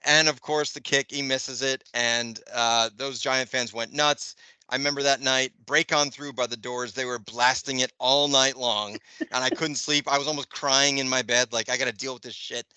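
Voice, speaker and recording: A man in his fifties, a podcast co-host, telling an animated story in casual chat and swearing freely. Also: mid-range voice, moderate pace, clean tone, no echo. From Northeastern US. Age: 50s. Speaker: podcast co-host, Jets fan.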